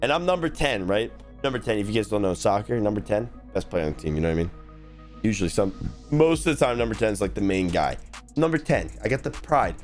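A man's voice: fairly low pitch, sing-song, fast talker, soft background music. A young man hosting a casual reaction video. He is blunt and jokey and swears freely. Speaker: YouTube reaction host.

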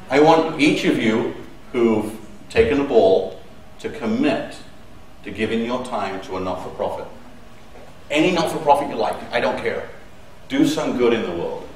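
A man's voice: medium pitch, a little mellow, a little hiss or hum. A man in his fifties giving a live conference presentation, chatty and joking with the audience in a large hall. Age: 50s. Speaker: conference speaker. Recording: echoey hall, mic at a distance.

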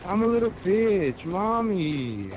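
A man's voice: high-pitched, very animated, music in the background, full character voice. A man mocking as a whiny bratty boy. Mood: mocking whine. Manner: mocking, whining, drawn-out sneer. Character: whiny bratty boy gamer crying to mommy. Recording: loud gunfire from game audio.

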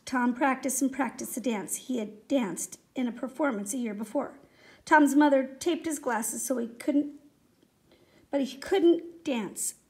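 A woman reading a children's story aloud in a steady, expressive way. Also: on the high side. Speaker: reader.

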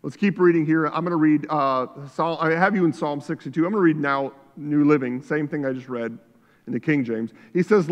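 Man, pastor, preaching, high-pitched, echoing church hall. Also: brisk, muffled recording. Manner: animated preaching, swings from quiet to loud. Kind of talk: sermon. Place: church sanctuary.

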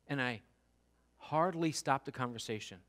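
A man preaching a sermon as pastor, conversational, acting out little quotes and building to loud emphatic repetitions. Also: medium pitch, normal speed. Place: church sanctuary.

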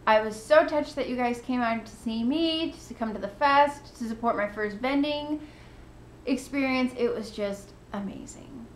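A woman's voice: on the high side, moderate pace, roomy sound, a little hiss or hum. A woman hosting a knitting podcast, chatting casually and gushing with thanks. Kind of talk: casual chat to camera.

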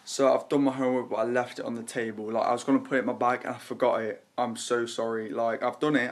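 A man's voice: medium pitch, flat delivery, fast talker, few pauses. A man acting out a school comedy sketch, rambling through flustered excuses.

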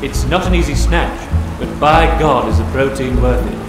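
A man's voice: mid-range voice, normal speed, echoey room, in a large hall, natural voice. An actor playing a blunt, rambling man in a video game. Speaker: game character. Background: game music.

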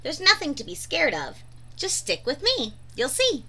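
Lady doing a brave little sea critter boy, upbeat and reassuring, high lively voice. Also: a little slow, exaggerated voice. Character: cheerful brave little male sea creature.

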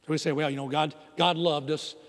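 Middle-aged pastor guy preaching, goes quiet then loud, high voice, long church echo. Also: flat delivery, brisk. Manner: swings between hushed intimate lines and loud emphatic preaching. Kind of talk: sermon. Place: church sanctuary. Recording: long reverb of a church hall.

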